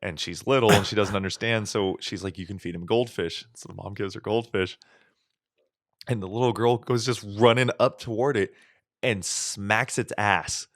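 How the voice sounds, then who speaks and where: Low-voiced man telling a rambling story. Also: moderate pace, no echo, studio quality. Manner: animated, profane, acts out voices in stories. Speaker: podcast co-host. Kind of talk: casual storytelling chat.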